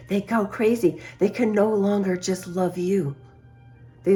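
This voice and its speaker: A woman's voice: fairly low pitch, mellow. A woman vlogger telling a personal story to her viewers in a casual way, laughing often between lines and acting out what people said. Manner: confiding, speaks straight to viewers.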